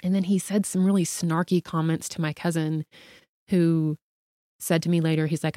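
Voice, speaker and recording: A middle-aged woman with a low-pitched voice tells a personal story as a podcast guest. She talks in an animated, chatty way, full of "like" fillers. The sound is dry and close, with no room around it. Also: moderate pace, no room sound. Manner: animated, talkative, frequent "like" fillers.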